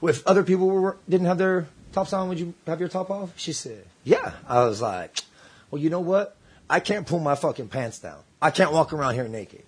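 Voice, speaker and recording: A man spins a rowdy anecdote among friends, his pitch leaping up and down as he acts out each voice. His tone is a little husky and pitched fairly high. He talks loosely and swears freely. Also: expressive, moderate pace. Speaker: storyteller. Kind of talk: casual storytelling among friends.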